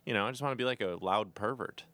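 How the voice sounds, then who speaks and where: A man's voice: on the low side, quick pace, fairly bright tone, dry recording. A man co-hosting a podcast, talking about stand-up in a blunt, crude, offhand way. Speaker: comedian, podcast co-host. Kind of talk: casual chat.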